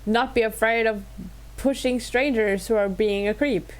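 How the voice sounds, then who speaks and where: A woman's voice: a little high, fairly even intonation, unhurried. Woman interviewer with short reactions. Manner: short encouraging reactions and plain questions. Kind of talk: casual interview.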